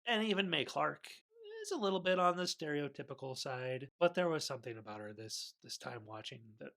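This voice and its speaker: A man talks through a classic film in a loose, rambling way, often stopping to correct himself. His voice sits a bit high and sounds bright, with a gravelly fry. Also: fairly quick. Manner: rambling, animated, self-correcting. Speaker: movie reviewer. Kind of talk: casual movie commentary.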